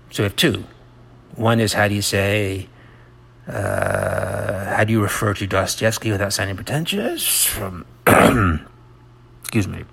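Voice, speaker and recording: A middle-aged man hosts a rambling personal monologue in a low, gravelly, rough voice. He halts and starts again, pokes fun at himself, and often drops into soft whispered asides. A faint ambient hum lingers in the background.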